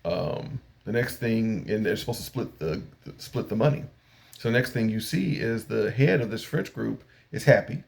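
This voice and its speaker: An older man with a lowish, darkish voice and vocal fry recaps an anime episode in an animated way at a moderate pace. As an anime reviewer, he rambles casually through the retelling, full of fillers and acted-out paraphrases.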